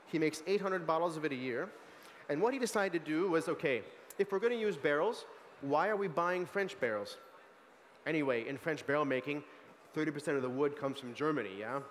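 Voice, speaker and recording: A man's voice: on the high side, slight background noise. Chatty American man in a reverberant hall. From United States. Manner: animated, chatty, lots of fillers and asides. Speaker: sommelier giving a wine tasting talk. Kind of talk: lively tasting presentation. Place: large hall at a food market event.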